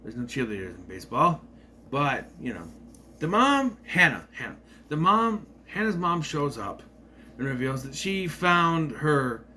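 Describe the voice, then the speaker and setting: A man's voice: a little high, big pitch swings, a little slow, sharp tone, a little hiss or hum. A man giving a casual, rambling movie review with sarcastic asides.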